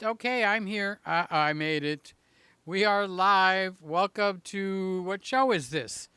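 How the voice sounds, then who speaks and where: A man's voice: high-pitched, extremely slow, sharp tone, clear, resonant tone, dry recording. A man hosting a casual live stream from home, talking in a chatty, jokey way and reading out the chat, a little out of breath, holding a handheld mic. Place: room in his house.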